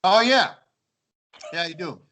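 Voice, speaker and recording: Bright-voiced man telling party stories. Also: sits high, slow pace. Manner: animated, acts out quoted lines, laughs often. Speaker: storyteller among old housemates. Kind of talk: casual storytelling chat.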